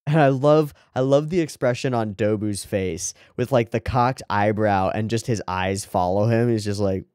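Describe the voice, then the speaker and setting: A man's voice: fairly low pitch, normal speed, a little mellow, smooth, no room sound, studio quality. A man hosting an anime reaction, talking through a scene in an enthusiastic, rambling way with lots of "like" and "right?". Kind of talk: casual commentary on an anime episode.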